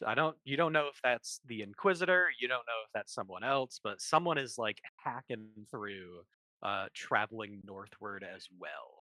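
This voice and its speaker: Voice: medium pitch, lively intonation, moderate pace, pushed and bright, no echo. A game master narrating a tabletop session, hesitant with many fillers.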